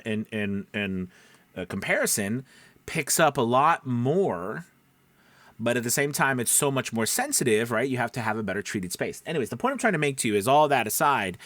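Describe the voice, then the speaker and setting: A man teaching voice actors about microphones in a casual tutorial, animated and rambling, with many fillers and restarts, speaking close into a broadcast mic. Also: mid-range voice, no echo. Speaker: voice actor coach. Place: small home room, door open. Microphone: dynamic broadcast mic, close up.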